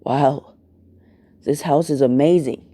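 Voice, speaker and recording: A man's voice: a little high, steady tone, takes it slowly, dark tone. A man voicing a brash teenage boy ninja in a fan story, with blunt, offhand delivery. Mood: plain.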